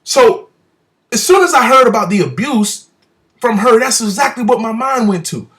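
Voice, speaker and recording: A man telling a personal story about a church visit at home, acting out the people he quotes with big swings between loud and soft. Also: extremely high pitch, animated, normal speed. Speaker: speaker recounting a church visit. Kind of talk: animated personal testimony.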